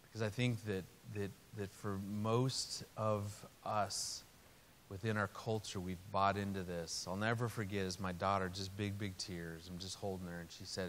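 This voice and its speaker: A middle-aged man giving a sermon in a storytelling way, animated and humorous by turns, then earnest. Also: low voice, normal speed. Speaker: Christian speaker. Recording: reverberant hall with faint hiss.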